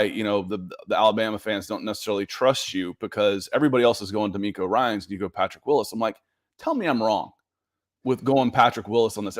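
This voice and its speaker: A man's voice: on the low side, dry recording, studio quality. A man co-hosting a live sports podcast, telling stories with animation and reading viewer comments aloud. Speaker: podcast co-host. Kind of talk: casual live-stream sports chat.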